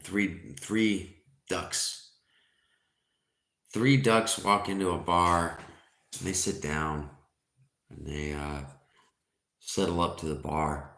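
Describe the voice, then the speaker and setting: A man in his forties chatting loosely on a livestream, cracking jokes and answering chat. His voice sits very low. The room adds a noticeable echo. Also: fairly bright tone, a little hiss or hum. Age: 40s. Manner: joking, chatty, reading chat aloud. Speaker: livestream host. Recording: roomy echo.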